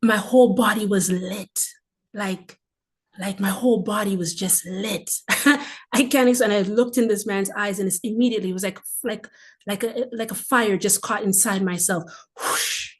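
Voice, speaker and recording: A woman in her forties hosting a livestream, telling a heartfelt personal testimony. She is emphatic and fervent, repeats phrases for stress and slips into breathy, emotional asides. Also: mid-range voice, fairly even intonation, normal speed. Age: 40s. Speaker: livestream host.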